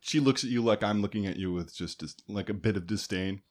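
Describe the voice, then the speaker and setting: A man narrating as game master of a tabletop game, relaxed and rambling with many fillers. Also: on the low side, brisk.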